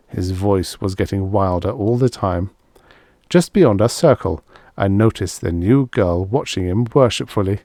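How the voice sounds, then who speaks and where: A man narrating a science fiction novel as an audiobook in a measured storytelling manner. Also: on the low side, darkish tone, no room sound, studio quality.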